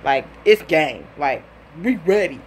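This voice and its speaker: A young woman in her twenties tells a personal story in a casual, blunt, profane way, animatedly acting out what people said. Her voice is deep and slow, with slight background noise.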